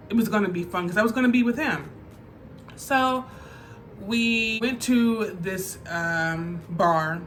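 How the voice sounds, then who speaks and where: A woman's voice: on the low side, fairly bright tone. A woman telling a personal story on her vlog in a casual, chatty way, full of fillers. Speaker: vlogger. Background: faint background music.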